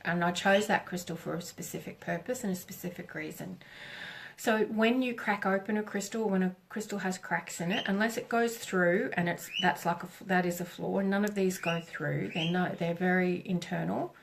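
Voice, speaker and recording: A middle-aged woman doing a live oracle reading, speaking gently with pauses and self-corrections. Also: lowish voice, gravelly. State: tearful. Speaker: psychic reader on a live stream.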